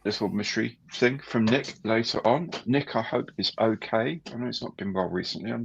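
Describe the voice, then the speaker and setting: Gravelly-voiced man hosting a live stream. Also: fairly low pitch, fairly quick, highs cut off, slight background noise. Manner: chatty, greets viewers warmly by name. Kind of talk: casual live stream chat.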